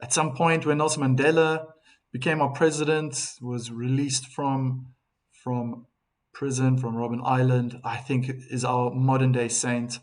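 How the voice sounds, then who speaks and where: A man's voice: mid-range voice, little pitch movement, a little slow. A man from Africa, hosting a live tennis stream and chatting casually with viewers, reading their comments aloud with frequent restarts. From South Africa.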